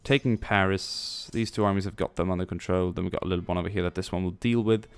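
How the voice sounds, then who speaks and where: A man's voice: sits low, fairly even intonation, fast talker, clear, resonant tone. A man giving casual, rambling commentary over a strategy game, thinking aloud and tossing in jokey asides. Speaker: let's play commentator.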